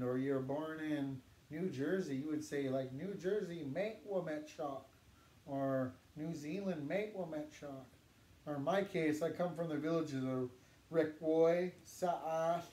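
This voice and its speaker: A man teaching a language lesson, patiently saying words slowly for learners to repeat. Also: fairly high pitch, warm tone. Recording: echoey room with faint noise.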